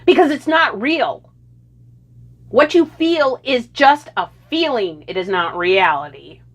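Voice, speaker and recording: A woman's voice: sits high, animated, takes it slowly, a bit bright. A woman delivering an indignant, sarcastic opinion rant and lecturing her listeners. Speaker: political commentator.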